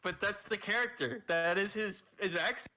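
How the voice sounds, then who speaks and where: Joking male player, high bright voice. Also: normal speed. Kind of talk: casual tabletop play.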